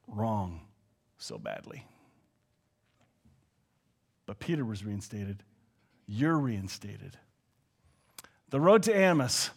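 A man's voice: very animated, extremely slow, vocal fry, long pauses, slightly rough. A man preaching a casual sermon in a church hall, acting out quoted dialogue as he talks. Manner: conversational, acts out quoted dialogue with swings in pitch and volume. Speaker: pastor.

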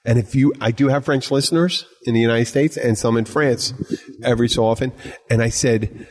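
A man's voice: medium pitch, a little fast. Rambling, emphatic podcast host man. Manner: rambling and emphatic, with frequent restarts and swearing. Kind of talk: casual chat.

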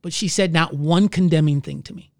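A man who is a pastor, telling his own story in an earnest, halting way and searching for his words. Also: fairly high pitch, no room sound, clean studio sound. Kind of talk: candid personal testimony in conversation.

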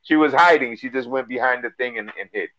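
A man with a Miami accent, co-hosting a casual podcast and telling stories in a profane, animated way full of fillers. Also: medium pitch, a little fast, lo-fi sound. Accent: Miami English. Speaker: podcast co-host.

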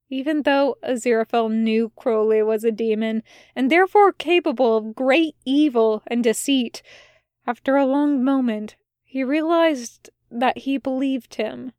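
A woman reads a story aloud in an unhurried, measured way. Her voice sits a little high and she takes her time. The recording is close and dry. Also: darkish tone, clean tone, no room sound. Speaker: fan audiobook reader. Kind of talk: storybook narration.

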